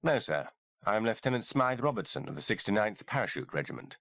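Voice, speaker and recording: A man's voice: on the low side, very animated, fairly quick, creaky, a bit bright, no echo, exaggerated voice. A man voicing a polite, formal British army lieutenant with an English accent, clipped and insistent. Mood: polite urgency.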